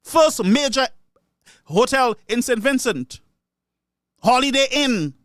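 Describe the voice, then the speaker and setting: Slowly and with a lot of animation, a Caribbean-accented man rails against political matters as a lone commentator, circling back to the same points repeatedly. He has a very high, fairly bright voice, captured in echo-free studio quality.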